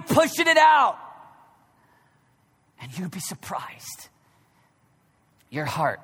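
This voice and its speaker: Preaching man, bright voice, big hall. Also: sits high. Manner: swings from hushed, near-whispered reflection to loud, shouted exhortation. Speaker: pastor. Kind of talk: sermon. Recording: long reverb of a large hall.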